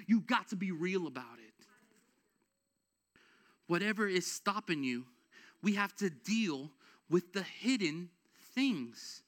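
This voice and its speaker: A man's voice: sits high, slow pace, long pauses. A man preaching a sermon as pastor, casual and conversational, building to emphatic exhortation. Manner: energetic, rises to emphatic exhortation.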